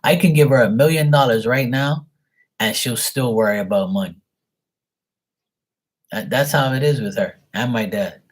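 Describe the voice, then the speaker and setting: A man's voice: mid-range voice, moderate pace, pauses often, breathy edge. A man chatting casually on a live tarot stream, rambling and exasperated, swearing freely. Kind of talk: casual livestream chat.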